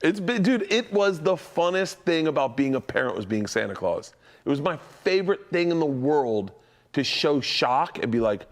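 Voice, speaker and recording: A middle-aged man co-hosting a podcast in casual chat, an animated storyteller who swears freely. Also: fairly high pitch, moderate pace. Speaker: podcast co-host.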